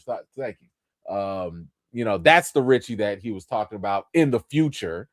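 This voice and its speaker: A man giving a casual, slangy livestream review of a TV episode, animated and full of fillers. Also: on the low side, normal speed, no echo, clean studio sound. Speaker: show reviewer.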